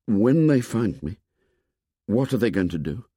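A man's voice: fairly low pitch, very animated, a little slow, mellow, husky, no echo, clean studio sound, full character voice. A man voicing a lonely hunted boy who talks in a thick, breathless, whispering way, in a storybook reading. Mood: desperate.

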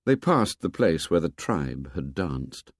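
A man narrating a novel as an audiobook in a measured, expressive storytelling manner. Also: a bass voice, slightly rough, no room sound, clean studio sound.

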